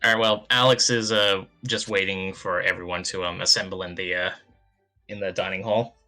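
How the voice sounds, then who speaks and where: A man playing a tabletop game, hesitant and full of pauses. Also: deep voice, steady tone, pushed and bright, faint music behind. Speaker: player. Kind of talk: casual tabletop play.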